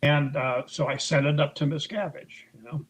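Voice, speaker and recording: A man's voice: fairly high pitch, fairly even intonation, normal speed, breathy edge, low-quality recording. A man being interviewed as an author, telling a long story in a conversational way and acting out what others said. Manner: recounts events at length, acting out others' lines in raised voices; frequent fillers and restarts, conversational.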